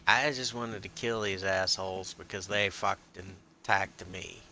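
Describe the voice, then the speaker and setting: A man's voice: sits low, steady tone, measured pace, pushed and bright. A man giving profane, self-talking gameplay commentary as he hunts and explores in a game. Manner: profane, mutters to himself while playing. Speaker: gaming channel host. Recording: noisy recording.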